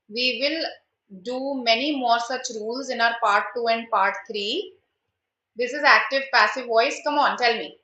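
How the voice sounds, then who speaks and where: A woman's voice: sits high, bright, forceful tone, roomy sound, low-quality recording. A woman teaching an online grammar lesson in Indian English, mixing in Hindi and quizzing her students. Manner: switches between English and Hindi, asks students questions. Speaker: online exam prep teacher. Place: indoors at home.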